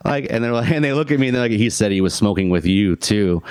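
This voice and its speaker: Deep-voiced man telling a funny story. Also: a little fast, hardly any pauses, smooth. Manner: animated, jumps into high-pitched voices for quoted people; laughs often, many fillers. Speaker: podcast guest. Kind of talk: casual storytelling.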